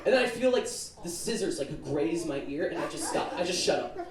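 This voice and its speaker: A teenage student comedian with a fairly high voice does a stand-up set on a comedy club stage, speaking fairly quickly and very animatedly. His story rambles nervously, packed with filler words and countless "like"s, while the audience laughs in a roomy, distant recording that picks up the crowd.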